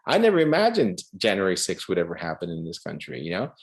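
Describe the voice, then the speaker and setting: A man giving a casual artist talk over a video call, telling animated stories full of restarts and acted-out quotes. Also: sits low, fast talker, breathy edge. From Cuba. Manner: animated, many restarts, acts out quoted voices. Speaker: guest artist.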